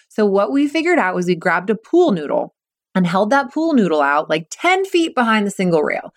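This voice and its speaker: A woman's voice: medium pitch, very animated, brisk, no echo, studio quality. A woman mental performance coach talking energetically on a podcast, encouraging and acting out what kids and coaches say. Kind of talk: podcast monologue.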